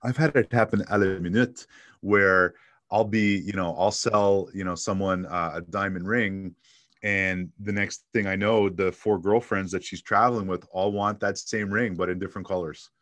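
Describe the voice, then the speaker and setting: Deep-voiced man telling sales stories. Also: normal speed, dry recording. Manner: energetic storyteller, acts out dialogue. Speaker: sales trainer and guest. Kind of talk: casual interview talk.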